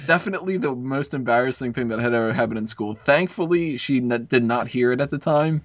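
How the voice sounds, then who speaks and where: This man hosts a casual podcast chat, telling a long school story in a mid-range voice at a fairly quick clip. He rambles, curses a lot and leans on fillers, and the recording is dry, dull and lo-fi.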